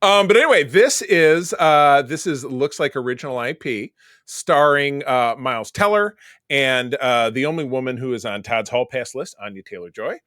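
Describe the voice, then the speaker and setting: Animated, rambling male podcast host. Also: medium pitch, normal speed, no echo, clean studio sound. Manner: animated, rambling with many fillers. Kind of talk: casual chat.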